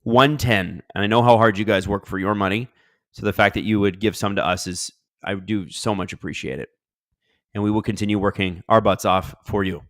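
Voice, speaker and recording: A man hosting a live watch-along stream, reading chat and reacting loudly to the game, dropping into mumbled asides. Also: fairly low pitch, a little fast. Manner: excitable, swings from mumbled asides to loud outbursts.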